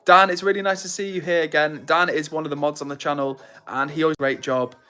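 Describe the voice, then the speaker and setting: A man's voice: fairly high pitch, fairly even intonation, fast talker, fairly bright tone, clean tone. A young man hosting a livestream, casually reading viewer comments and greeting people by name in a friendly, upbeat way. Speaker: livestream host.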